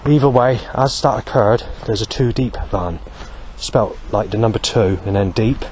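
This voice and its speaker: Rambling low-voiced man. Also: moderate pace, darkish tone, a little hiss or hum. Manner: rambling, with many fillers. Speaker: vlogger. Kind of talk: walking monologue. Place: outdoors on a street.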